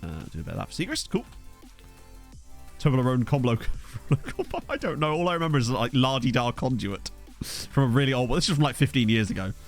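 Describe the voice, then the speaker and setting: Young male streamer, chatty and rambling, animated delivery, desk mic. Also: medium pitch, fast talker, soft background music. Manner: rambling, chatty, addresses viewers. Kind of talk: casual live-stream chat while playing. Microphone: desktop USB mic.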